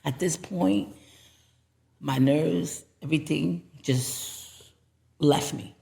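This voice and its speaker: Gravelly-voiced woman telling a story. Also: extremely slow. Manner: low-key, rambling, quiet delivery with frequent fillers. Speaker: podcast guest. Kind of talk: casual storytelling.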